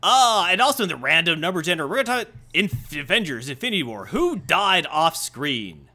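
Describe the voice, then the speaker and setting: A man's voice: high-pitched, sing-song, rapid-fire, pushed and bright. A man co-hosting a live-streamed comics and anime show, joking around and telling gags. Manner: jokey, puts on silly voices. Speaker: podcast co-host. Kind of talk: casual comic chat.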